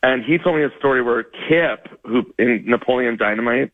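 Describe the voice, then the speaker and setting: A man telling a funny story as a comedian guest on a radio show, rambling, self-mocking, with quick laughs. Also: medium pitch, no echo, phone-quality sound.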